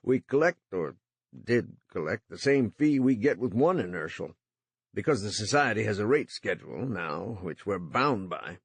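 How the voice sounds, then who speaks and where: A man's voice: fairly low pitch, sing-song, moderate pace, husky, no echo, full character voice. A man voicing a worried middle-aged businessman who speaks in anxious, rising bursts in an audiobook.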